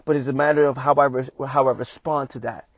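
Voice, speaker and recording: A man's voice: medium pitch, steady tone, a little fast, dry recording. Emphatic man giving a motivational talk. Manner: emphatic, repetitive, calls listeners "fam". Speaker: motivational speaker.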